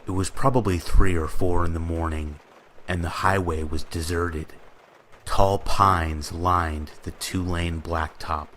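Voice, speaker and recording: A man with a very deep, low voice reads scary stories in an even, steady narration. Soft rain falls faintly behind him. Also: a little hiss or hum. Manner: steady storytelling read. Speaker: horror story narrator. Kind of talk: scripted horror narration. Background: rain ambience.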